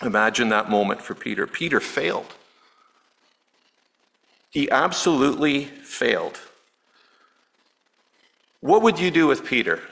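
Bright-voiced man preaching conversationally. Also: medium pitch, big pitch swings, a little slow, gravelly, long pauses, rough recording. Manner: conversational, asks the audience questions, many restarts. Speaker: pastor. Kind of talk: sermon.

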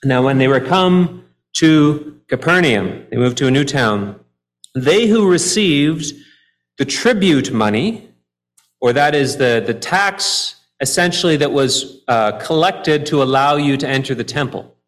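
A man's voice: medium pitch, unhurried. Man preaching an expository sermon. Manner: expressive preaching, swings from soft to emphatic; explains scripture verse by verse. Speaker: pastor.

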